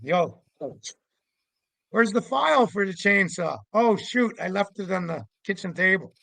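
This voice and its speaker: Middle-aged male storyteller, gravelly, lively, acts out the shouting, dry recording. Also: high voice, moderate pace, dry recording, poor audio. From Canada. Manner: animated, acts out voices with loud shouts. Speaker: guest storyteller, Sasquatch investigator. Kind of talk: casual storytelling.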